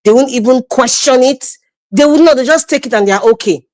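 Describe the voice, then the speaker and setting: A woman's voice: high-pitched, a little fast, darkish tone, dry recording, poor audio. A Nigerian woman giving passionate, emphatic political commentary on a live stream, laughing often and slipping into pidgin. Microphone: remote live stream mic.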